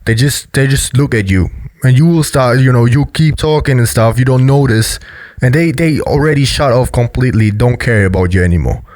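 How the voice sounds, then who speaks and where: A man's voice: mid-range voice, a little fast, a little mellow, no room sound. A man giving a loose, explanatory commentary on body language, full of fillers. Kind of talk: casual video commentary.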